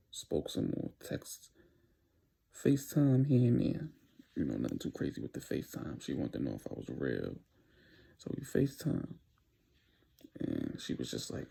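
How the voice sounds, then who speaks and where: Young male storyteller, dark and husky tone, casual slang-heavy delivery. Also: mid-range voice. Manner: loose slang-filled street talk with many "you know"s. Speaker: vlogger telling a dating story.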